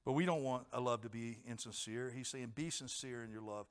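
A man's voice: medium pitch, fairly quick, smooth. A middle-aged man preaching a sermon in a conversational way, asking the congregation questions and acting out voices. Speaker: pastor.

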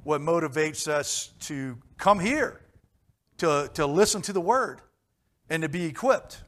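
A man's voice: a little high, expressive, measured pace, a bit bright. A man preaching a conversational sermon, telling stories and putting questions to the listeners in an earnest way.

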